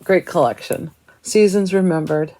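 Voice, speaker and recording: Low-voiced lady flipping thru stitch books, chatty, bit of faint hiss behind. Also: normal speed, warm tone, rough recording. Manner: chatty, admiring, thinking aloud. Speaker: cross stitch vlogger. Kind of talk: casual show-and-tell of craft books.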